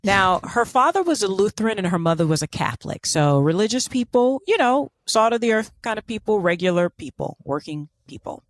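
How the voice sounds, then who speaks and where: A woman's voice: mid-range voice, very animated, brisk, hardly any pauses, no echo. A woman co-hosting a podcast, telling a story in casual chat with sarcastic asides and lots of fillers. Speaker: podcast co-host.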